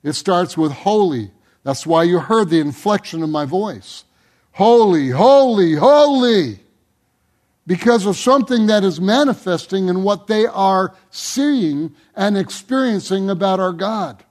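A man delivers a sermon to his congregation in a fairly high voice, speaking slowly and deliberately. He builds intensity over repeated words, then lets his phrases fall away low and quiet. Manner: drops to a low, soft voice at phrase ends. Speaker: pastor.

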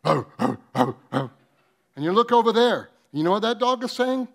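A man preaching with a voice that sits somewhat high for a man. He takes his time, unhurried, acting out little scenes with sudden loud bursts before dropping into soft, earnest appeals. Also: very animated, gravelly. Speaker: pastor. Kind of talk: sermon.

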